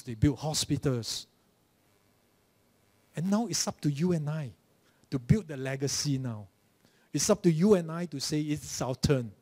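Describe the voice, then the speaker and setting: A male pastor with a Malaysian English accent delivers a sermon in a church, his voice slightly high. He tells stories vividly and acts out the voices of mockers. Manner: animated storytelling, acting out mocking voices.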